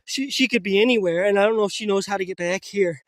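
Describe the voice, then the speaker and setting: A man vlogging at an outdoor camp in the woods, talking casually to the camera. He gets emotional and uses a soft voice with his pets. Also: sits high, quick pace, dry recording, clean studio sound. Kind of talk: casual vlog talk to camera.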